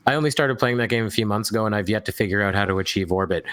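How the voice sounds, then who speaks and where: A man on a casual online panel, hesitant and halting, stumbling over his restarts. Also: on the low side, fairly bright tone, no echo.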